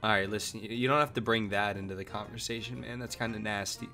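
A young man streaming, chatting casually and joking while he plays, his voice hoarse. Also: on the low side, quick pace, faint music behind. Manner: lively, chatty, jokey. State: hoarse, coughing. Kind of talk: casual chat while gaming.

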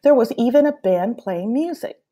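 A woman teacher reading a children's picture book aloud in a slow, expressive way. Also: on the high side. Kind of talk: storybook read-aloud for children.

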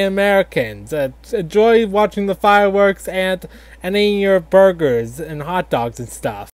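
A man voicing a grandfatherly animatronic fox who tells a satirical history lesson in a halting, filler-heavy ramble. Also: sits high, dry recording. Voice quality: halting, filler-heavy, lots of likes and restarts. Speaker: storyteller grandfather. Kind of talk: casual satirical storytelling.

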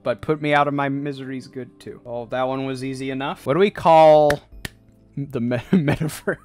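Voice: mid-range voice, fairly even intonation, moderate pace, darkish tone, faint music behind. A livestreamer chatting casually to chat while drawing, goofy and laughing often between jokey asides.

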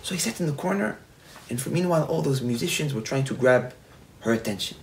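Rabbi retelling a parable. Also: male voice, mid-range voice, fast, a little hiss or hum, rough recording. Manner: animated retelling with repetitions. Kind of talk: sermon storytelling.

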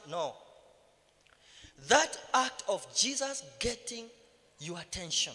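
Kenyan minister, fairly high voice, teaching the bible and getting loud on key points, echoey church hall. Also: male voice, sing-song, unhurried. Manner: mixes English and Swahili, rising to emphatic cries. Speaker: minister leading Bible study. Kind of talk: sermon-style Bible teaching.

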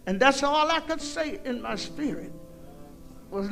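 A woman's voice: sits high, expressive, a little slow, vocal fry, pauses often, a bit bright, soft background music. An older woman, a guest singer telling a folksy, preachy testimony to a concert audience and breaking into hymn lines. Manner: preachy, folksy storytelling, calls out "y'all". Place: concert hall stage.

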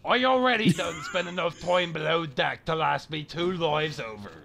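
A man voicing a gruff, swaggering male pirate captain with a growled, old-fashioned pirate drawl, heard over a machinima clip. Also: fairly high pitch, expressive, normal speed, fairly bright tone, exaggerated voice. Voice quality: growled pirate accent with archaic grammar. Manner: theatrical, drawling. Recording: game audio mixed under, noisy.

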